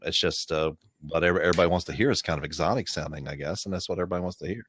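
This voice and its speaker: An American podcast co-host with an Appalachian accent explains things at length in an easygoing way during a casual chat. His voice sits low with a fairly bright tone, he talks very fast, and there's no room sound.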